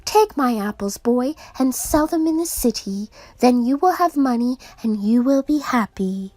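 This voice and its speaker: Woman doing a storybook apple tree: tender, soft-spoken, slow, slightly high. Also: expressive, no room sound. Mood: giving. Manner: soft, tender, sometimes whispering. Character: gentle self-giving female apple tree.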